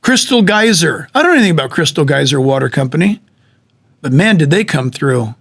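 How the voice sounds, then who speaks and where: A middle-aged male pastor, exhorting his listeners in an emphatic, animated sermon style, often restarting his words. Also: fairly high pitch, a little fast, breathy edge.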